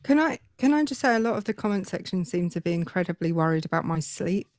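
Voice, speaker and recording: A British woman chatting on a live stream in a lowish voice, explaining things with quick, friendly asides. Her voice sits close and dry, with no room sound at all. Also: animated, darkish tone, no room sound. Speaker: co-host. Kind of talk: casual chat on a live stream.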